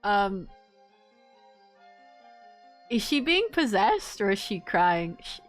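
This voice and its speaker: A woman's voice: mid-range voice, big pitch swings, slow, pauses often, soft background music. A woman game streamer chatting casually, reacting aloud and laughing while she plays. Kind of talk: casual gameplay commentary.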